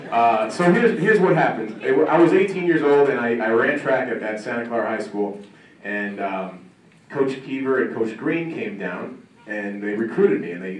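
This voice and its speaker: A man in his thirties giving an acceptance speech at a banquet, telling self-mocking stories with laughter. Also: lowish voice. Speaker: hall of fame inductee. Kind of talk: after-dinner acceptance speech. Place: country club banquet room. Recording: echoey hall from far off, ambient noise.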